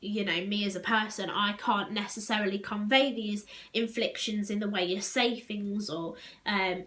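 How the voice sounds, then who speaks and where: A woman from England talking to camera in a reflective personal vlog, with many ums and restarts and a pace that speeds up and slows down. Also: medium pitch, fairly bright tone. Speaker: vlogger.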